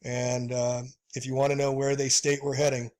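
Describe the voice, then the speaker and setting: A man's voice: medium pitch, flat delivery, moderate pace, darkish tone. A man with a mid-range voice hosts his own show, walking through slides in a heated, impassioned tone. He stumbles and fills gaps with "uh," keeps turning to his listeners as "folks," and urges them to get angry. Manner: heated, addresses listeners as folks, many fillers. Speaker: video host. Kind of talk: impassioned commentary over slides.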